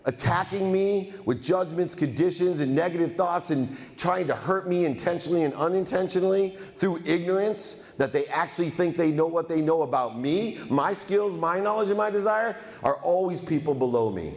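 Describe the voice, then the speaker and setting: A man giving a motivational keynote speech, energetic and emphatic, often repeating phrases for effect. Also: high-pitched, normal speed, hardly any pauses. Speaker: motivational speaker. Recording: reverberant hall.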